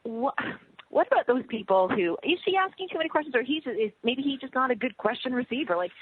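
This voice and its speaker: A woman co-host talks quickly and eagerly, restarting and trailing her sentences. Her voice is a little breathy. It sounds dry and narrow, like a phone line. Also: high voice, expressive. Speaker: radio show co-host. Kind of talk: casual radio chat.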